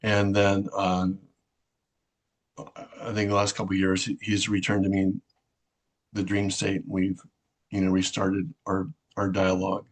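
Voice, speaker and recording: Middle-aged man, personal storytelling, low voice, monotone, halting with fillers. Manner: halting, with many fillers and restarts.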